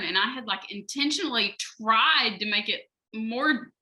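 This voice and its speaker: A woman's voice: a little high, lively intonation, a little slow, hardly any pauses, pushed and bright, a little hiss or hum, rough recording. A woman with a North Georgia Southern accent, chatting on a panel as a novelist, laughing often. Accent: Southern American, North Georgia. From North Georgia, USA. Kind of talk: casual panel discussion.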